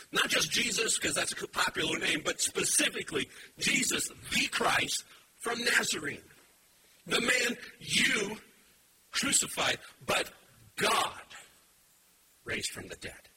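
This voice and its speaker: Animated, high-voiced male pastor preaching. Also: takes it slowly, distant mic, noisy background. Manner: animated and emphatic, with playful puns. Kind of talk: sermon. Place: church with a live congregation.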